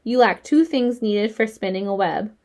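A woman reading aloud and voicing a wise, patient female spider with a calm, measured way of talking in a storybook. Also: mid-range voice, close to an everyday voice. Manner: calm, measured, gently teasing.

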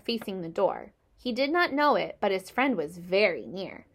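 A woman narrating a children's storybook in a gentle, expressive way. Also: medium pitch, normal speed, vocal fry, few pauses. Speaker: reader.

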